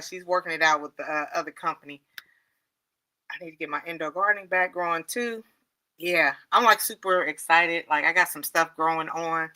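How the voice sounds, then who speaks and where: A woman's voice: fairly low pitch, pushed and bright. A middle-aged woman hosting a casual livestream chat, laughing often and reading out viewer comments. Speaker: livestream host.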